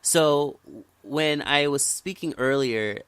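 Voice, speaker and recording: A man's voice: fairly high pitch, takes it slowly, fairly bright tone, smooth, dry recording. A man from the United States hosting a podcast, talking politics in a casual, impassioned way and repeating words when worked up. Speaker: podcast host.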